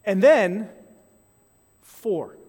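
A high-pitched male pastor delivers an earnest, measured sermon. He slips into sample apologies and prayers to show his point. A long hall reverb trails behind his voice. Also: animated, darkish tone, slightly rough.

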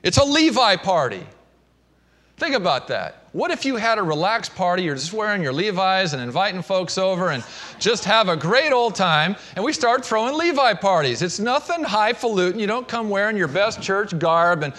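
A man preaching a sermon, shifting between emphatic and hushed delivery. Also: high voice. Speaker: pastor.

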